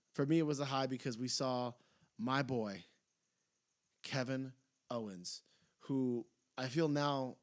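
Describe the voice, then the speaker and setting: An excitable young man co-hosting a casual podcast chat. His voice sits in an ordinary middle register and leaps up whenever he retells something funny. He talks in loose, chatty bursts. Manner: excitable, jumps high when retelling funny moments. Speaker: podcast co-host.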